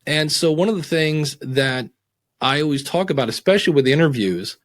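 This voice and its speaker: A middle-aged man talking as a guest in a casual podcast interview, animated and acting out quotes and voices as he explains. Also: moderate pace. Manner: animated, acts out voices and quotes with big pitch swings.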